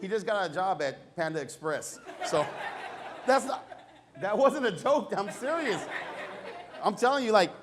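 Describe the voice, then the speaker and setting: High-voiced stand-up comic. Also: male voice, expressive, measured pace, background noise. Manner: conversational, self-deprecating, acts out dialogue in raised voices. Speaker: stand-up comedian. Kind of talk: stand-up comedy set. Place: comedy lounge with a live audience.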